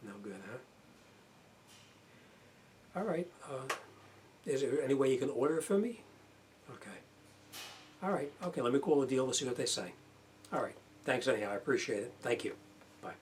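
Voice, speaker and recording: A man's voice: medium pitch, a little hiss or hum. A man, an auto mechanic talking casually and bluntly as he walks viewers through a hands-on repair.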